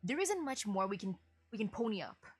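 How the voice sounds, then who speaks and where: A woman voicing a wary, hostile male village farmer who speaks defensively and gruffly while reading a game's story aloud. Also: medium pitch, very animated, a little fast, dry recording, faint music behind. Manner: defensive and gruff, turning scornful.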